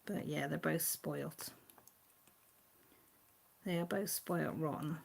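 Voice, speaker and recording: A woman's voice: low voice, slow, vocal fry, slight background noise. A woman hosting a casual live-stream chat from home, reading out and answering viewer comments. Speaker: channel host. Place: at home with her pets.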